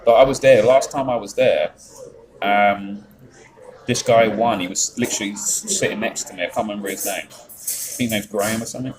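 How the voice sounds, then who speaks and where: A man's voice: fairly low pitch, steady tone, brisk, crowd noise, rough recording. A man with a Yorkshire accent chatting on a live stream, rambling, swearing freely and reading out chat messages. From England.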